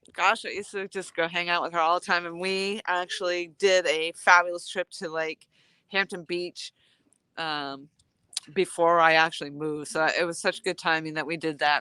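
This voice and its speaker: A fishing vlogger live-streams casually from a cold outdoor dock, holding her phone at arm's length, sniffling from the chill and rambling as she greets viewers. Her voice is lowish, sharp, clear and resonant, in a dry recording.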